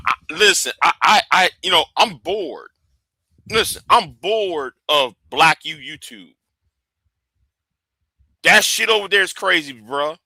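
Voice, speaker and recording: A man's voice: high-pitched, vocal fry, bright, forceful tone, no room sound, rough recording. A man hosting a casual livestream, talking in a stop-start way and repeating words and catchphrases. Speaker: livestream host.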